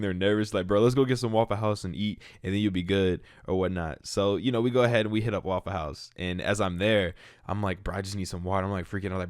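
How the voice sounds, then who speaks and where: Young male vlogger, deep voice, dry close sound, rambling casual storytime delivery. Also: a little fast, dry recording. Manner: rambling, filler-heavy, frequent "like" and "bro". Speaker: YouTuber. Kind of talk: storytime vlog.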